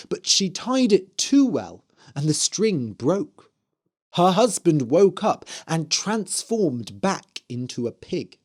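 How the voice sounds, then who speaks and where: A storyteller with a mid-range voice slowly reads a fairy tale aloud for English learners. The scripted narration is clear and expressive.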